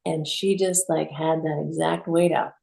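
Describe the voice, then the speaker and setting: Low, gravelly-voiced woman co-host. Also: measured pace. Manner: animated storytelling, acts out quotes. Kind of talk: reflective conversational talk. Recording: roomy echo.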